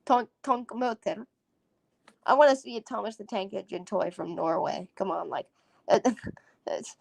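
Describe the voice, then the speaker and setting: A woman's voice: medium pitch, animated, a little slow, creaky, darkish tone, no echo. A woman hosting a casual solo podcast, rambling and giggling as she sounds out foreign words. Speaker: podcast host.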